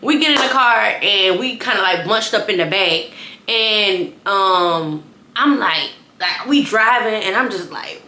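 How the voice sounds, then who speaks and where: Chatty young woman, bright echoey voice. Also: medium pitch, measured pace. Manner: chatty, keeps addressing the viewers, restarts and repeats phrases. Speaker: vlogger telling a story. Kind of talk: casual storytime to camera. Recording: echoey room.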